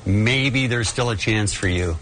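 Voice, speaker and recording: A man hosting a TV aftershow interview, asking long, slow, halting questions. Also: fairly low pitch, fairly bright tone, slight background noise. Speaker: TV aftershow host in a played clip.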